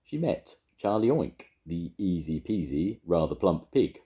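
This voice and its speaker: An older man reading a children's story aloud, gently chatting with young listeners between lines. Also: deep voice, big pitch swings, a little slow, few pauses. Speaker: storytelling grandad.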